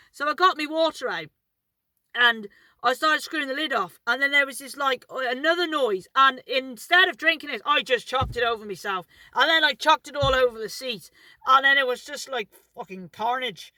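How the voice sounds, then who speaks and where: Chatty woman, bright voice. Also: high-pitched, moderate pace, no room sound. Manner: rambling, chatty, swears freely, laughs at herself. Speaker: vlogger telling stories. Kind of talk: casual anecdotal storytelling.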